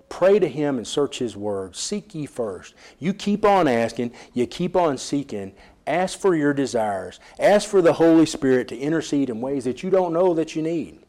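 Male preacher, sermon delivery, earnest, voice a bit higher than usual. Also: animated, moderate pace, dark tone. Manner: earnest, rising to emphatic peaks.

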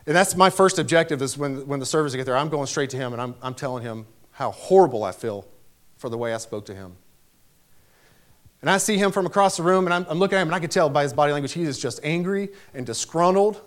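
A man's voice: on the high side, quick pace. A man preaching a sermon, telling a personal story with emphatic delivery that rises to raised exclamations.

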